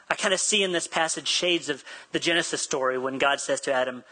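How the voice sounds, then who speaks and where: A man's voice: a little high, a little fast, few pauses, pushed and bright, rough recording. A man preaching a sermon, telling a personal story in a chatty, self-deprecating way and laughing easily. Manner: acts out quoted dialogue. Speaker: pastor.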